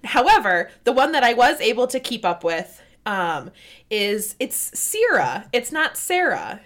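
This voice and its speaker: A woman co-hosting a casual chat, talking in an emphatic, animated, ranting way. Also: a little high, unhurried.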